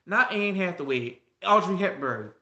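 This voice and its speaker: A gossip vlogger talks casually about celebrities, airing strong opinions, repeating words, and speaking right to his viewers. His voice sits high and sounds animated, pushed, and bright at a moderate pace, though the room echoes and the audio is dull.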